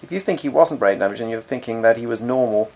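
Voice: mid-range voice, lively intonation, quick pace, a little mellow, low-quality recording. A co-host in casual podcast chat, trading dry, teasing interjections.

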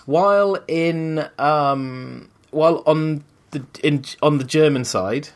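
A man's voice: a little high, slow. A man telling a long anecdote in casual chat as a podcast co-host, rambling with restarts and putting on voices for the people in the story.

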